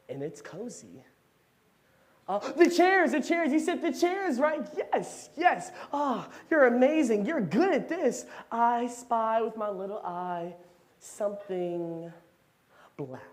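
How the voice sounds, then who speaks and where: A man's voice: extremely high pitch, exaggerated voice. An actor playing George, an anxious autistic boy who stammers and repeats words in a stage monologue.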